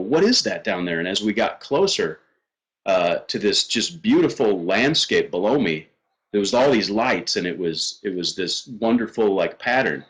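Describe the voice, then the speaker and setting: Middle-aged guy telling a story, lowish voice, earnest, lots of uhs and restarts. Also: a bit bright, low-quality recording. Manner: earnest, halting, with many fillers and restarts. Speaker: guest. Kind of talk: personal storytelling.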